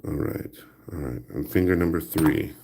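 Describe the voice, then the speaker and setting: Here a man with a creaky bass voice and a dark tone talks casually at normal speed while he crafts. He's playful, mutters to himself, and hums the odd tune, with a little hiss or hum on the recording.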